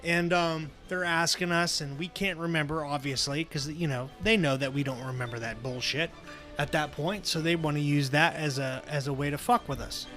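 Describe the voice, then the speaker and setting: Animated, profane male storyteller. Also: a little high, moderate pace, soft background music. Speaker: podcast co-host, former police officer. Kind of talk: casual podcast chat.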